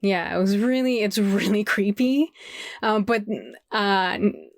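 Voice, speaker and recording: A woman's voice: medium pitch, a little slow, no room sound. Chatty woman podcast host, dry sound. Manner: chatty, many fillers, giggly asides. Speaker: podcast co-host telling folklore. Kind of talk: casual podcast chat.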